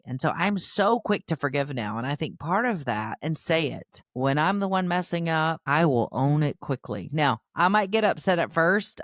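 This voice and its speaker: A woman's voice: extremely low pitch, no echo, studio quality. A woman hosting a parenting podcast, talking to parents in an earnest, chatty way and calling them "you guys.". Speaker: podcast host, parenting educator. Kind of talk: casual podcast talk to parents.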